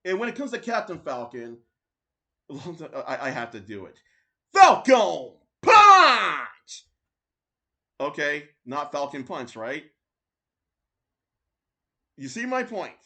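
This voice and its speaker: A man's voice: a little high, very animated, moderate pace, long pauses, bright, forceful tone. A man giving a sarcastic, mocking reaction commentary, swearing and mimicking the voices of others. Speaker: commentary YouTuber.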